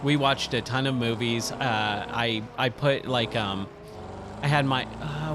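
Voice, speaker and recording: Casting: a thirtyish male streamer, mid-pitched and unhurried, who rambles and corrects himself over game noise. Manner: rambling, with frequent fillers and self-corrections. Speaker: gaming streamer. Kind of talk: casual storytelling while gaming. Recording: loud racing game sounds underneath.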